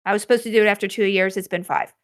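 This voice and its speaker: A woman hosting a solo podcast, chatting casually with self-deprecating, animated asides. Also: medium pitch, racing. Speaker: podcast host.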